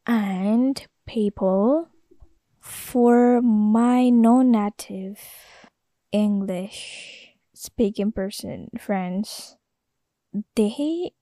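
A woman's voice: mid-range voice, mellow, no room sound, studio quality. A young woman from Indonesia, talking in a rambling, casual solo podcast monologue full of fillers and self-corrections. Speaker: podcast host.

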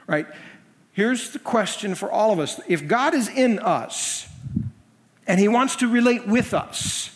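A middle-aged man preaching a sermon as senior pastor, telling personal stories in a conversational way with self-deprecating asides. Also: sits high. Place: church sanctuary. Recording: long hall reverb.

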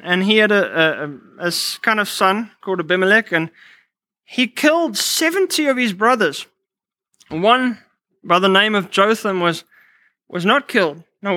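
A man delivers a sermon in a high, bright voice, mixing personal stories with scripture. He restarts phrases often and fills pauses with "uh." The recording is dry and close. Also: no echo. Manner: storytelling, quoting scripture, many restarts. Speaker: preacher.

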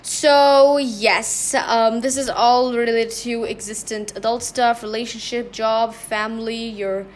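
A young woman speaks in a slightly high voice, hosting her own casual chat show. She rambles, restarts her sentences and leans on ums and likes. She sounds a touch out of breath. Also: fairly even intonation, takes it slowly, few pauses. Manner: rambling, many fillers and restarts. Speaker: podcast host.

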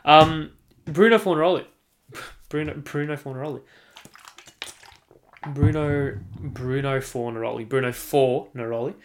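A man's voice: medium pitch, measured pace, long pauses, slight background noise. A man with an Australian accent hosting a solo sports podcast, talking emphatically, repeating his points and swearing freely. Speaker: podcast host.

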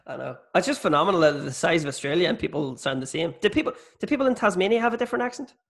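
A man's voice: high-pitched, lively intonation, quick pace, vocal fry, fairly bright tone. A man with a Northern Irish accent in casual, sweary, joking chat. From Northern Ireland. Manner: sweary, jokey, rambling.

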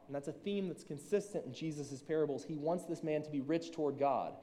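Guy giving a sermon, kinda high but mellow voice, long echo off a big room. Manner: reads scripture slowly and deliberately. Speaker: lay preacher, a school reading teacher. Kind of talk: sermon with scripture reading. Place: room with an audience. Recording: long reverb from a large room.

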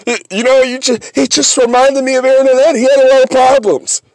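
A man hosting a sports podcast, ranting comically and mockingly, swinging between loud outbursts and low asides. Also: fairly even intonation, quick pace, no room sound. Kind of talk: comedic sports rant.

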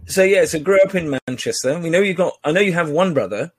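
A man's voice: fairly high pitch, lively intonation, quick pace, breathy edge, no room sound. Man, podcast host, rambling, ums and uhs, jokey, dry close sound. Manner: rambling, hesitant with many fillers, jokey. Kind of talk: casual podcast chat.

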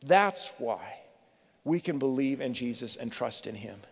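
A middle-aged man preaching a sermon as a pastor, earnest and pleading, with dramatic pauses. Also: mid-range voice, expressive, creaky, husky. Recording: long reverb of a church hall.

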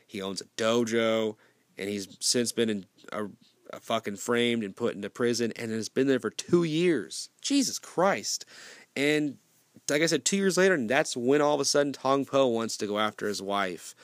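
A man's voice: on the low side, normal speed, smooth, no room sound. A man giving a casual film review, rambling and swearing freely, with frequent restarts.

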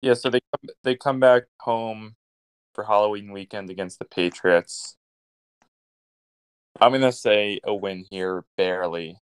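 A man's voice: on the low side, measured pace, long pauses, smooth, no room sound. A man co-hosting a casual sports podcast, giving blunt, decisive predictions. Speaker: podcast co-host.

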